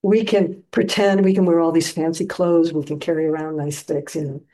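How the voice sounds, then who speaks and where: A woman's voice: deep voice, steady tone, moderate pace, dark tone, low-quality recording. A woman who teaches meditation, giving a dharma talk with playful storytelling in which she acts out scenes.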